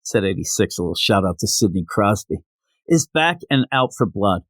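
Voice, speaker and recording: A man's voice: fairly low pitch, expressive, normal speed, fairly bright tone, no echo. A man reviewing comics in a casual solo show, ranting and sarcastic, tired from not sleeping.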